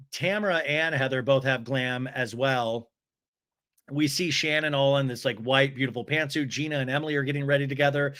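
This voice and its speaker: A young adult man hosting a podcast, giving a gossipy comedic recap in an animated way. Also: medium pitch. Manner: animated, gossipy, switches into mocking voices. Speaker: podcast host.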